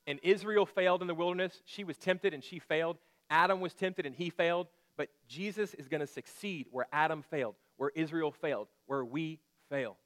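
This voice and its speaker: A male pastor preaching a sermon, asking rhetorical questions and dropping to a hushed intensity at key points. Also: a little high, normal speed.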